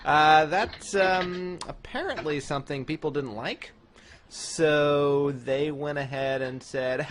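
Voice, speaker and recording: A man hosting a casual gaming podcast, leading the segments in a relaxed way. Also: on the high side, takes it slowly, slight background noise. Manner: leads segments, relaxed and laughing. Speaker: podcast host. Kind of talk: casual chat.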